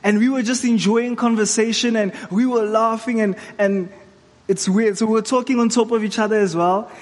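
A male preacher delivers a sermon in an earnest, exhorting manner, pacing his words with care. His voice sits high, and a long hall reverb trails behind each phrase. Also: steady tone, normal speed.

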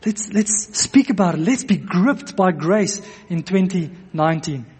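A man's voice: sits high, expressive, a little slow, a little mellow, husky. A man preaching a sermon to a congregation, earnest, repeating phrases for emphasis. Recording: long echo of a church hall.

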